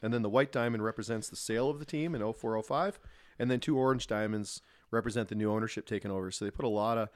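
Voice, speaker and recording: A former pro hockey player, a man, telling relaxed, rambling stories as a podcast guest. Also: lowish voice, quick pace, no echo, studio quality. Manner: relaxed, anecdotal, lots of restarts. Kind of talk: casual storytelling.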